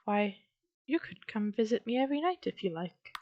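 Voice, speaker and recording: A woman voicing a gentle, lonely female witch who speaks in a soft, sweet, coaxing way. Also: medium pitch, animated, moderate pace, highs cut off, a little hiss or hum, natural voice. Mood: soothing.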